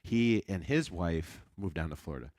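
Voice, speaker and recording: A male evangelist preacher telling a story in a Sunday school sermon, chatty and animated, often restarting his sentences. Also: deep voice, moderate pace, no echo.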